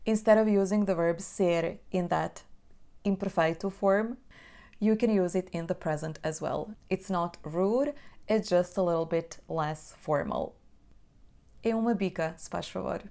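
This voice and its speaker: Smooth low-voiced Portuguese teacher. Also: female voice, dark tone. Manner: explains plainly, then repeats phrases slowly to demonstrate. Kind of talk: language lesson.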